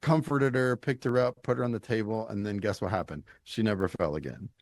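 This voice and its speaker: A middle-aged man from Louisiana, a leadership coach talking as a podcast guest in an animated, emphatic, folksy storytelling way. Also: lowish voice, a little fast, no room sound. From Louisiana, United States. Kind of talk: conversational interview.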